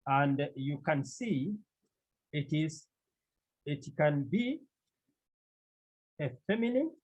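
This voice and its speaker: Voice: medium pitch, animated, slow, a little mellow, breathy edge. A teacher, patiently explaining step by step in a classroom lesson and repeating each word several times. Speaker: Greek language teacher. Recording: dull lo-fi recording.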